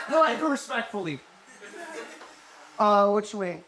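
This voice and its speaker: Young male stand-up comic, high and bouncy voice, swears a lot, cracks himself up, noisy live room. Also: very animated, moderate pace, long pauses. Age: 20s. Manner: profane, rambling, laughs at own jokes. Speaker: stand-up comedian. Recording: noisy live venue recording.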